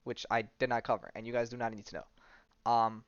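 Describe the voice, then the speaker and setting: A man with a smooth, resonant voice, recorded dry and close with no room sound. He talks in a loose, joking way and retells the story with plenty of ums and likes. The mic sounds a little dull and lo-fi. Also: medium pitch, level tone, a little fast, no room sound. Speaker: podcast host. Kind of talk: casual comic-book recap.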